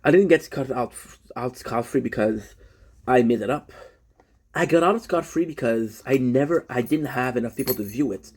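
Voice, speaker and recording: A man's voice: medium pitch, normal speed, darkish tone, breathy edge. A young man live-streaming a rambling confessional story, often stopping to correct himself.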